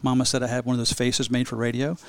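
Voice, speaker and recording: A man's voice: mid-range voice, little pitch movement, fast, clean tone, no room sound. A middle-aged man, a speedway general manager, chatting casually on a podcast and telling stories with quoted voices. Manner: storytelling, acts out quoted voices.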